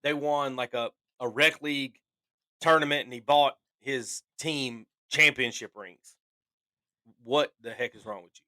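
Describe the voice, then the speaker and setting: A man co-hosting a podcast in casual conversation, talking in an animated, emphatic way and repeating phrases for stress. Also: medium pitch, measured pace. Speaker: podcast co-host.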